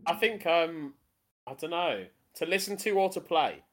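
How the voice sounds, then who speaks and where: Hesitant man chatting in quick bursts. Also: on the high side, animated, fairly bright tone. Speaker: improv podcast regular. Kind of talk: casual chat.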